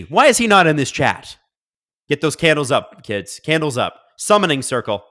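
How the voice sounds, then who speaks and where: Male streamer host, bright edgy tone, excitable play-by-play reactions between quiet mutters. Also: on the high side, moderate pace. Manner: excitable, swings from mumbled asides to loud outbursts. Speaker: live-stream watch-along host. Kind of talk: live game reaction and chat reading.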